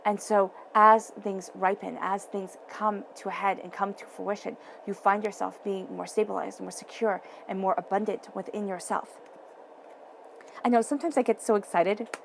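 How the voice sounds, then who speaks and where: The reading comes at a normal speed in a medium-pitched, fairly even voice marked by vocal fry, with slight background noise present. Addressing viewers directly, the woman is emphatic and keeps repeating her central phrases.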